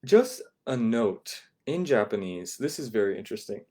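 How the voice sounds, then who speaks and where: Low-voiced man teaching a language lesson. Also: big pitch swings, dark tone. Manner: patient, models pronunciation slowly and repeats words.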